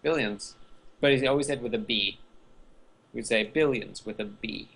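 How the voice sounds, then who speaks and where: A man chats on a casual podcast and jumps in often with eager agreement. His talk is relaxed and enthusiastic. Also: medium pitch, low-quality recording. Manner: enthusiastic, quick to chime in. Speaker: podcast co-host.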